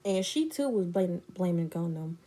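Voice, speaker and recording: A woman's voice: on the low side, animated, normal speed, warm tone. A young woman vlogger telling a personal story in a blunt, indignant, slangy way. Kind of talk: storytime chat.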